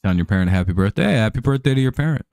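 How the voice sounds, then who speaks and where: A man's voice: on the low side, expressive, racing, creaky, a little mellow, no room sound. A man hosting a live stream, chatting casually over a baseball game, laid-back and joking, with casual swearing.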